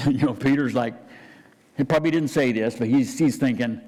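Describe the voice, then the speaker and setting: A man's voice: mid-range voice, normal speed, darkish tone. A man, a pastor, preaching a conversational sermon with frequent restarts and asides. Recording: church hall reverb.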